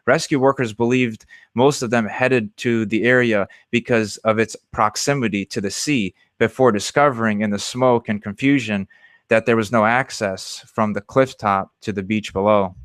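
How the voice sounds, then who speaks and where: A man co-hosting a podcast, reading news stories aloud in a steady, plain way and chatting between them. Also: lowish voice, moderate pace, no echo, clean studio sound. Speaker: podcast co-host. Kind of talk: reading news aloud, then casual chat.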